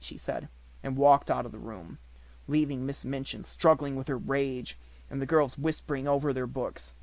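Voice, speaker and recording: A man reading a classic novel aloud as an audiobook narrator, in a steady, even storytelling voice. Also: medium pitch, moderate pace, no echo, poor audio.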